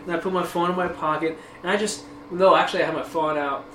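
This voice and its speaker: A man with a fairly high voice hosts a podcast and tells a story casually, animated and profane, laughing as he goes. The room is echoey, and steady background noise runs under his voice. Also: quick pace. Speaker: podcast host.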